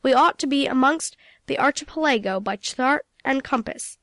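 A woman's voice: high-pitched, normal speed, fairly bright tone, no room sound. Storybook sea captain, pompous and peremptory, read by a woman, dry sound. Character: pompous short-tempered male sea captain.

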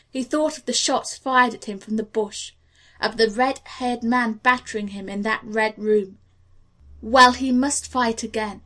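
A woman narrating a novel aloud in a steady, expressive way. Her voice sits a little high for a woman. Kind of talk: audiobook narration.

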